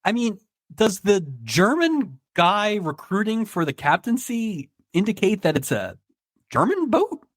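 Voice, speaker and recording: A man's voice: sits high, very animated, a little slow, dry recording, clean studio sound. A man co-hosting a podcast, recapping an old TV episode in casual chat and laughing often. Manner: laughs often, narrates plot beats. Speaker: podcast co-host.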